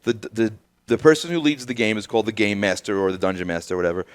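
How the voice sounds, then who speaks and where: A man's voice: lowish voice, steady tone, fast talker, clear, resonant tone. A man hosting a podcast, telling a story in casual chat with lots of fillers and restarts, acting out what people said. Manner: rambling, acts out quoted dialogue with many fillers. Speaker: podcast host.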